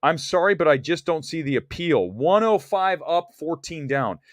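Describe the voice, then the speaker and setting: A man's voice: fairly high pitch, animated, normal speed, no echo, studio quality. A man hosting a livestream about movies, talking bluntly and teasing his chat. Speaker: livestream host.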